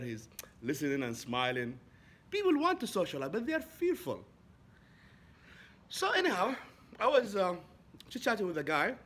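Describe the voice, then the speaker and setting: Animated Saudi man telling a story. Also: slightly rough. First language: Arabic. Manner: animated, voice jumps high when excited. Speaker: vlogger. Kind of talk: casual storytelling monologue.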